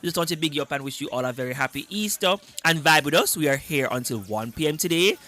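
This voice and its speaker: A young man hosts a youth radio show from the studio. His voice is bright and rather high, with a lively, swooping delivery. He greets listeners again and again with plenty of energy. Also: quick pace. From Jamaica. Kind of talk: upbeat radio show presenting.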